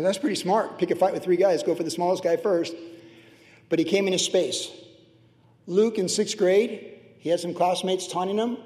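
A man's voice: sits high, a little mellow. A middle-aged man preaching a sermon as pastor, conversational and humorous, with personal asides. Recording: roomy hall reverb.

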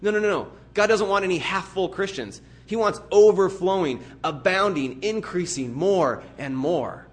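A man with a somewhat high voice preaches to his church. He speaks in an earnest, emphatic way and builds vivid everyday pictures to make his point. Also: moderate pace, hardly any pauses. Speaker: pastor. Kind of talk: sermon.

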